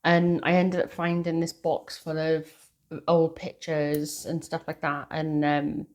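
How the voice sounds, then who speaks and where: Middle-aged British woman, tarot reader, lower voice, earnest, unhurried and casual. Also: flat delivery, a little mellow. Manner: earnest and heartfelt, slow with many fillers. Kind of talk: casual spiritual message to viewers.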